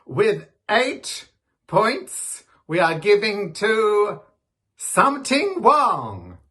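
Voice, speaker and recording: Man, jury announcer, mock European accent, hammy, bright tone, slow delivery. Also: sits high, huge pitch swings. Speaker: guest jury member.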